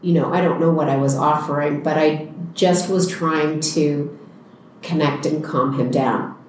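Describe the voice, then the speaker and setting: Woman teacher, calm reflective storyteller, slightly low voice; record in a very echoey room. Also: a little hiss or hum. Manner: reflective, unhurried retelling. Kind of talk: storytelling in a conversation.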